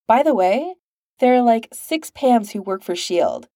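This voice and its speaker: A woman's voice: a little high, sing-song, measured pace, mellow, no echo, clean studio sound. A woman reading a chatty young hacker girl. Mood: offhand. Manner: casual, offhand.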